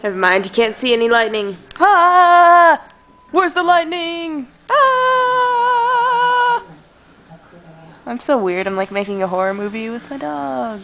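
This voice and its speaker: A woman's voice: on the high side, lively intonation, brisk, hardly any pauses, a bit bright, slight background noise. Playful young woman teasing her dog. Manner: playful, teasing, switching to baby talk and whispers. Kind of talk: casual home video talking to her dog. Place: home, indoors.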